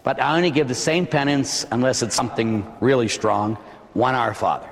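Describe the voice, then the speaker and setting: A man, a Catholic priest, preaching a sermon in a blunt, joking, rapid-fire way. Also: mid-range voice, expressive, creaky, fairly bright tone, big-room sound.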